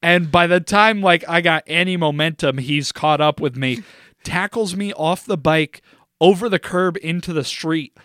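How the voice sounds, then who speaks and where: A man's voice: on the high side, unhurried, fairly bright tone, clear, resonant tone, dry recording, clean studio sound. A young man co-hosting a podcast, telling a rambling, profane story in casual chat and laughing along the way. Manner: profane, rambling, laughs through his stories. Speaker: podcast co-host.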